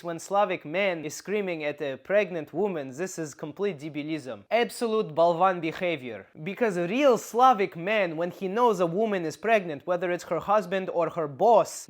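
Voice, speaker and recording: A man's voice: sits high, close to an everyday voice. A young man putting on a Russian accent as a blunt Slavic uncle giving mock-stern comedic advice in broken English. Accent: put-on Russian. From Canada. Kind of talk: comedic character advice show.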